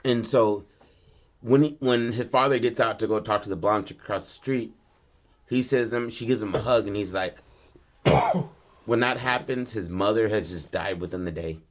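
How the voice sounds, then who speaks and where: Slangy, animated male storyteller, lowish voice. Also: normal speed. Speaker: podcast host. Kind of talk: casual storytelling.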